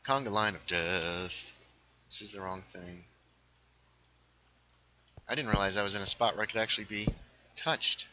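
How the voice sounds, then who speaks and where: A man with a very bright, sharp voice talks his way through a game livestream. He rambles from one thing to the next and reads viewers' comments out loud as he plays. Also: on the low side, steady tone, muffled recording, a little hiss or hum. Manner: rambling, reads chat aloud, quick asides. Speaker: livestream host playing a game. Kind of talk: casual gaming livestream chat.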